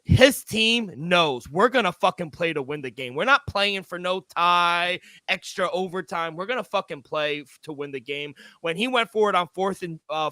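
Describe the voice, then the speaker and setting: A man's voice: high voice, sharp tone, no room sound. A man co-hosting a sports betting podcast, talking emphatically and swearing freely as he gives his picks. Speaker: co-host.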